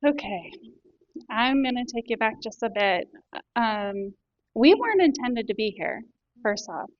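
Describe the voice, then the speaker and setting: A woman's voice: on the high side, very animated, unhurried, no echo, highs cut off. A woman in her forties giving a matter-of-fact personal testimony about her marriage. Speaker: workshop participant sharing testimony.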